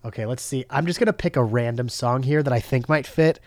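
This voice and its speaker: Male host, casual and halting, mid pitch, dry close-miked sound. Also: dry recording. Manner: hesitant, repeating himself while stalling. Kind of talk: casual chat.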